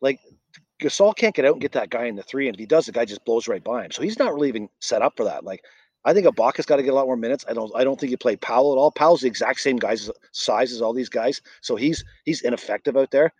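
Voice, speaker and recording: A man's voice: mid-range voice, expressive, a little mellow, breathy edge, no room sound. A man co-hosting a casual sports podcast, giving opinionated takes. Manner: opinionated, quick agreeing interjections. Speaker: podcast co-host.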